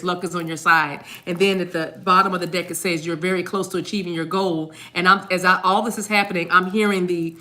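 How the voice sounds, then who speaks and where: Lowish and sharp-toned, this woman's voice wanders through an informal tarot reading as she talks straight to viewers, repeats words, chats freely, and breaks into bits of songs.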